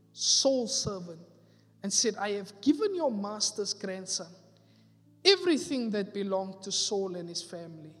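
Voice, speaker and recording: Male pastor, emphatic repetitive sermon delivery, reverberant church hall. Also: sits high. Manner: emphatic preaching, repeating phrases for effect. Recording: echoey hall with faint music.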